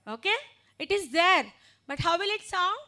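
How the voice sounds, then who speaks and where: A woman training teachers in phonics, modeling letter sounds slowly and deliberately. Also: extremely high pitch, animated, pushed and bright.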